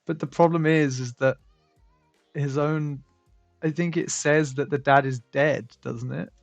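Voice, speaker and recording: Guy hosting a chill stream, reads chat out loud, laughs a lot, dry close sound. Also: on the high side, fairly even intonation, measured pace, creaky, dry recording, highs cut off, faint music behind. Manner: reads viewer comments aloud, laughs often. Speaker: stream host. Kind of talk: casual livestream chat.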